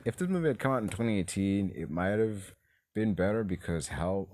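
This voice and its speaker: A low-voiced man rambles through a casual film review. He sounds exasperated, circling back on his points and swearing freely as he goes. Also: a little mellow.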